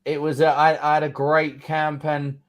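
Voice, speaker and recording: This guest fighter, a Londoner in his thirties from England, has a voice on the high side and a completely flat delivery at normal speed. He recounts his story bluntly in a casual interview, swearing freely and acting out people's words.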